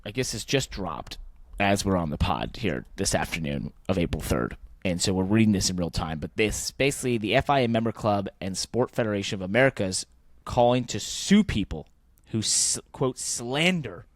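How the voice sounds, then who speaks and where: A man co-hosting a motorsport podcast in casual chat, rambling and thinking aloud, growing animated when he rants. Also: fairly low pitch, normal speed, few pauses, dry recording, clean studio sound. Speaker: podcast co-host.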